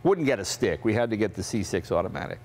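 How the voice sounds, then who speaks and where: Chatty low-voiced man in his sixties. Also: quick pace, gravelly. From Massachusetts, USA. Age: 60s. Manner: chatty, animated, acts out family members' lines. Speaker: host. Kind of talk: casual storytelling about cars.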